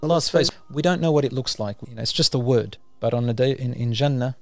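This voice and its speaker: A male preacher giving a sermon, telling vivid stories with animated rhetorical questions. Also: mid-range voice, fast, no room sound, soft background music. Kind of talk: sermon storytelling.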